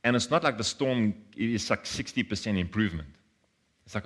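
A man's voice: on the low side, lively intonation, brisk, a bit bright, breathy edge. A man, preaching a sermon in an earnest way, often repeating words and acting out voices. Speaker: pastor.

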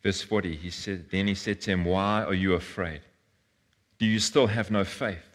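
A man's voice: sits low, steady tone, normal speed. A man, preaching a sermon in an earnest way, often repeating words and acting out voices. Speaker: pastor.

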